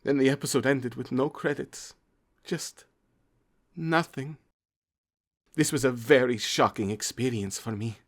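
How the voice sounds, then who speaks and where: A man's voice: mid-range voice, unhurried, pauses often. A man reading a horror story aloud in plain first-person storytelling, stumbling now and then. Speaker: creepypasta narrator.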